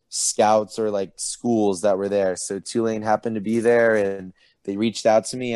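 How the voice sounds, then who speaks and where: Young guest, relaxed, mellow and dry, lots of "like" fillers, on a video call. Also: male voice, on the low side, dry recording. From Oceanside, California. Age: 20s. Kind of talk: casual interview.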